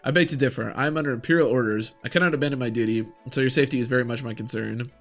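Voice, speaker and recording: A man's voice: mid-range voice, racing, a bit bright, soft background music, close to an everyday voice. Earnest female knight captain, formal and dutiful, read plainly by a man.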